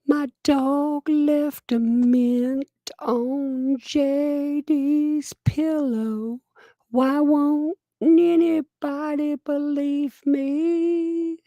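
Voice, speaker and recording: A man putting on a mocking, high falsetto of a sobbing woman, drawn out and sing-song. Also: slow pace, vocal fry, no room sound, muffled recording, full character voice. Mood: whiny sing-song. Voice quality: shrill, wailing falsetto.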